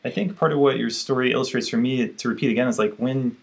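A man's voice: mid-range voice, fairly even intonation, fast, creaky. A man hosting a podcast, speaking reflectively and affirming his guest often. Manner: affirming, reflective, frequent fillers. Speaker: podcast host. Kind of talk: conversational interview.

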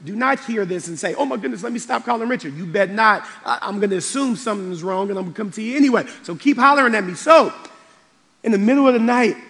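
High-voiced preacher in an echoing hall. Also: male voice, expressive, fast talker. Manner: impassioned, swings between loud and quiet. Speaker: pastor. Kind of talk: sermon. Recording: long reverb of a large hall.

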